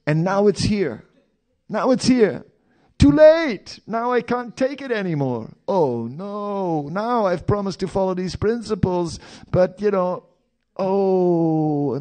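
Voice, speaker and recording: A man's voice: high voice, warm tone, pitched above the performer's own voice, full character voice. A man playing a tempted male devotee, frantic and torn, speaking in rising, anguished outbursts.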